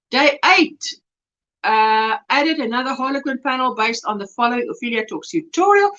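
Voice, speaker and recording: A woman chats casually on a home livestream, reading viewer comments aloud with frequent exclamations. Her voice sits high and swoops widely in pitch. The audio is dull and lo-fi, like a basic webcam mic. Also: a bit bright. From South Africa. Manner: effusive, reads chat aloud with exclamations and laughs. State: recovering from throat swelling. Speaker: livestream host.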